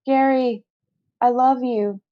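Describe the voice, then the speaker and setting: A woman's voice: high voice, fairly even intonation, slow pace, pitched above the performer's own voice. A woman voicing a male office worker who pleads urgently and insistently, heard on a slightly dull lo-fi recording. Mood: yearning.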